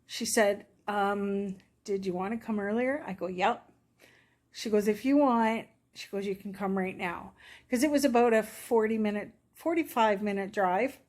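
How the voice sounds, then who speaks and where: A woman's voice: mid-range voice, normal speed, a little mellow. A middle-aged woman chatting to her viewers, telling a personal story in a rambling, emotional way and acting out what people said. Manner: chatty, rambling, emotional, acts out quoted dialogue. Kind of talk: casual storytelling to camera.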